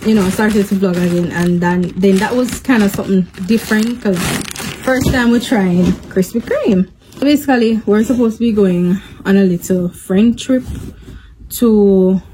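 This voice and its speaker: A woman's voice: mid-range voice, moderate pace, noisy background. A young adult woman chatting casually to her viewers in a home vlog, rambling and explaining in loose run-on sentences. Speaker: vlogger.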